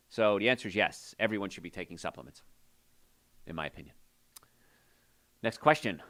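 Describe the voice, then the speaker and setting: A man hosting a call-in health show as a doctor, talking in an energetic, folksy, salesy way. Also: deep voice, brisk, pauses often. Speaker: radio show host and doctor. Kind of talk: call-in health radio talk.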